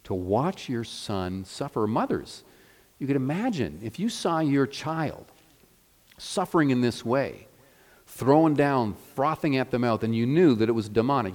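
A man's voice: medium pitch, darkish tone. A man preaching a sermon as pastor, earnest and emphatic, building and easing his intensity. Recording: long reverb of a church hall.

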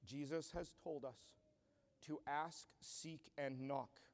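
A man's voice: a little high, fairly even intonation, slow pace. A man pastor preaching a sermon in an earnest style that builds to emphatic declarations. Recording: long church hall reverb.

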